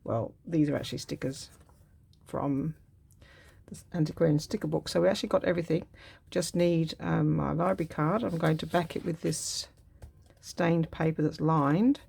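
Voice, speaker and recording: A woman vlogger chatting casually as she works on a craft project, thinking aloud in an unhurried way. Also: low voice, gravelly, mellow, husky. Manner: musing aloud while cutting and gluing, unhurried and chatty.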